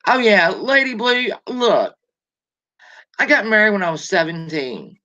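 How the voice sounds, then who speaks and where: Chatty woman dishing gossip on a stream, bright forceful voice, kinda lo-fi muffled sound. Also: medium pitch, very animated, unhurried. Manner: chatty, rambling, greets viewers mid-story. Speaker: show host. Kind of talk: casual gossip livestream. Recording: lo-fi dull sound.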